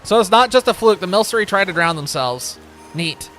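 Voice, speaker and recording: A man's voice: sits high, expressive, fairly quick, bright, forceful tone, faint music behind. A man chatting casually while livestreaming a game, joking, rambling and laughing often. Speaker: streamer. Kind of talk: casual gaming livestream chat.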